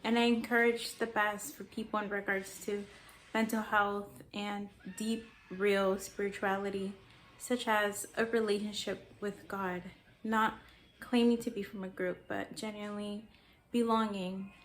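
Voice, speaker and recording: Chatty young woman with a flat delivery. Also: mid-range voice, a little slow, slight background noise. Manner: rambling, chatty, sidetracked. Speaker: artist vlogger. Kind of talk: casual storytelling vlog.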